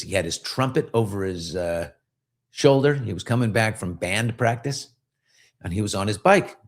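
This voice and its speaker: A middle-aged man, a podcast host, telling a story in casual chat and acting out voices in it. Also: low-pitched. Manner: animated, acts out voices in his stories.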